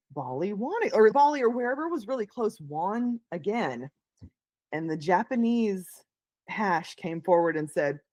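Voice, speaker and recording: A woman's voice: medium pitch, dry recording. A middle-aged woman guest telling a story in a casual interview, acting out the voices she quotes.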